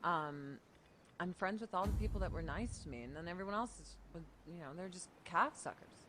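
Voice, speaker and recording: A woman of about thirty from Chicago with a Chicago accent, a guest telling stories in a casual, profane, animated way. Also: on the low side, fairly quick, over loud music. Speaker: guest, streamer. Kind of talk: casual podcast chat.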